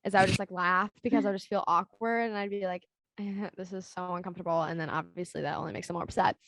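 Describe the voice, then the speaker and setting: A woman's voice: fairly low pitch, fairly bright tone, no room sound, clean studio sound. A young adult woman telling a long story in casual chat as a podcast co-host, rambling with lots of "like" and "um". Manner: rambling storytelling full of "like" and "um", quick laughs.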